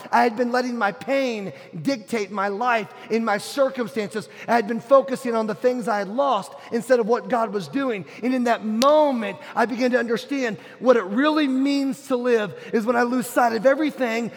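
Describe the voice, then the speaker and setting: A middle-aged man preaching a sermon, telling a personal story earnestly, dropping to a hush and rising to a shout. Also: very high voice. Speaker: pastor. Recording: long hall reverb.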